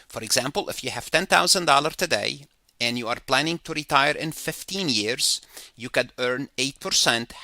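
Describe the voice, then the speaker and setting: Bright-voiced male accounting lecturer. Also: medium pitch, no echo. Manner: explains step by step with worked examples, repeats phrases. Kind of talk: recorded lecture.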